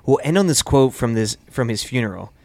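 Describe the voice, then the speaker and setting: A man's voice: medium pitch, animated, a little fast, darkish tone, no echo. A man hosting a podcast chat, loose and laughing while he steers the topic. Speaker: podcast host leading the topic. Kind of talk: casual chat.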